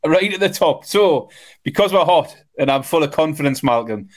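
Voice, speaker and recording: A man's voice: fairly high pitch, lively intonation, brisk. A man co-hosting a betting podcast in casual chat, matter-of-fact with dry humor. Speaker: podcast co-host.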